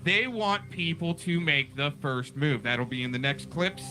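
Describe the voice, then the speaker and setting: A man's voice: on the high side, lively intonation, unhurried, over music, poor audio. Rambling man hosting a stream. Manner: rambling, conspiratorial, talks over the clip. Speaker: stream host. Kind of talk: casual commentary on a restreamed clip.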